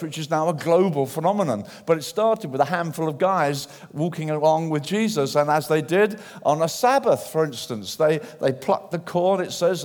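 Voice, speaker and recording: A man preaching a sermon in church, animated and acting out the voices of people he quotes. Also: a little high. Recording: long hall reverb.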